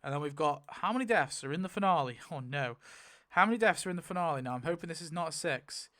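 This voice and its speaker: A man in casual, rambling commentary while spinning a wheel to rewrite a story, getting excited at results and briefly quoting characters. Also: on the high side, fast talker. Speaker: YouTuber.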